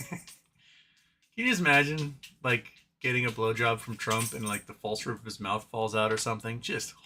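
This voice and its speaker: A man's voice: medium pitch, sharp tone. A man hosting a casual live stream, reading chat comments aloud and rambling between them, often talking to his cat. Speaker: livestream host reading chat.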